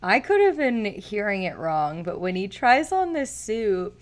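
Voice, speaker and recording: A woman's voice: mid-range voice, sing-song, unhurried. A young woman casually recapping a movie, talking with lots of fillers and frequent laughs. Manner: chatty, filler-heavy, laughs often.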